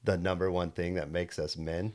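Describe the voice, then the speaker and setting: A young man with a low, deep voice tells a personal story on a casual podcast. He rambles earnestly, restarting his sentences and filling gaps with "like" and "you know." The delivery is relaxed and conversational. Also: moderate pace. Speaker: podcast co-host and solar salesman.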